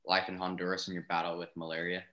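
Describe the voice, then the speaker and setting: A young man hosting a podcast, asking hesitant, halting questions in a casual interview. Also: sits low, completely flat delivery, bright, forceful tone, dull audio. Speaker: podcast host.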